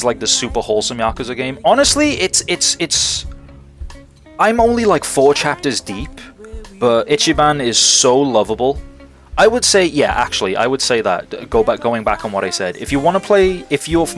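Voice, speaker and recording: A young man streaming live, chatting casually with viewers in a rambling, enthusiastic way and swearing freely. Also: medium pitch. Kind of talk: casual livestream chat answering viewers.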